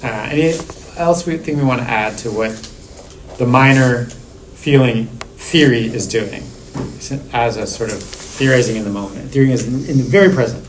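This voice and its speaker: In a classroom seminar, a middle-aged man who lectures at a university works through theory in a discursive way, full of restarts and "like" fillers. His mid-range voice moves at a moderate pace, and the low-quality recording has slight background noise.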